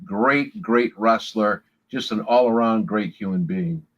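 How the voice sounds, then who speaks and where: An older man speaks as an interview guest, plain and self-deprecating. His husky voice comes through dull, lo-fi remote audio. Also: lowish voice, a little slow. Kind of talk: casual interview chat.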